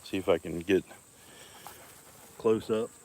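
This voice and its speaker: A man with a lowish voice gives a relaxed, rambling walkaround of his homestead, greeting viewers by name as he goes. He talks into a phone while walking outdoors, with crickets and insects buzzing behind him. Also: takes it slowly, slight background noise. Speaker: homestead vlogger. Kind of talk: casual live-stream walkaround.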